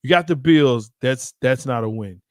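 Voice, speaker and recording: A man's voice: medium pitch, normal speed, no echo, studio quality. A man co-hosting a sports podcast in casual debate. He teases his co-host and laughs often. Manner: teasing, laughs often, animated.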